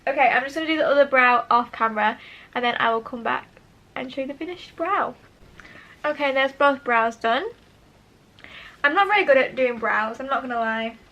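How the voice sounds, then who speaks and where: A young woman talks straight into her camera at home, chatting casually as she tries out make-up. Her voice sits high and bright, and she turns eager and self-mocking as she goes. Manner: chatty, self-deprecating, enthusiastic. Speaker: beauty vlogger. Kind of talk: casual make-up tutorial chat. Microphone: camera mic, talking to camera.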